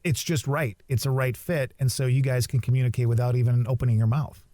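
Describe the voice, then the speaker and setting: A man co-hosting a podcast, speaking in a reflective, measured way as he thinks aloud. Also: mid-range voice, fairly even intonation, mellow, no room sound. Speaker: podcast co-host. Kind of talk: casual podcast chat.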